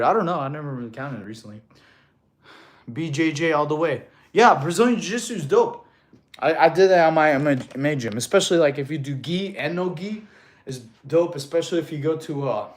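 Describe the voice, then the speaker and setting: A man coaching fitness on a casual live stream, relaxed and laughing often as he reads chat questions aloud. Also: medium pitch.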